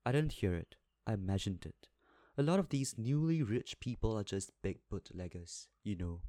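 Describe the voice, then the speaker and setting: A blunt, suspicious rich husband with a scornful edge, read by a male narrator. The voice is low and dry, right up on the mic. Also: animated, normal speed, dark tone, dry recording, lightly acted.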